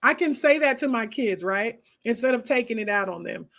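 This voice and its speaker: Animated woman chatting with her viewers. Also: fairly high pitch, a little fast, creaky. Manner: animated, talks straight to viewers with many asides. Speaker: homeschooling host answering viewer comments. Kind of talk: casual livestream chat.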